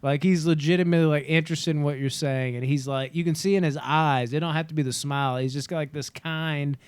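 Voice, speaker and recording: Animated podcast guy, dry close sound. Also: on the high side, fast, smooth, no room sound. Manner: animated, acts out quotes, laughs often. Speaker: podcast co-host. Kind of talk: casual movie chat.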